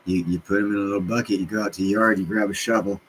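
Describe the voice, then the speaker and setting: A man hosting a livestream, chatting with viewers in a rambling, profane, excitable way and jumping from topic to topic. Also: fairly low pitch, rapid-fire, a little hiss or hum, rough recording. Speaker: livestream host answering chat. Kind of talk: casual rambling rant.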